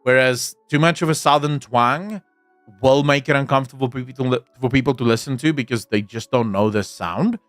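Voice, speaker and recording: A man's voice: medium pitch, fairly quick, fairly bright tone, no room sound, soft background music. A man chatting casually on a livestream, answering his chat, rambling and opinionated with frequent restarts.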